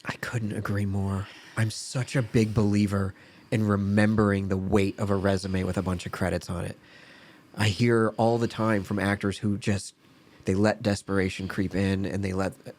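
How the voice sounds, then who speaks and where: A low-voiced man hosting a casual podcast interview. He sounds encouraging and reflective as he speaks. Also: level tone, moderate pace, darkish tone. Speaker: podcast host.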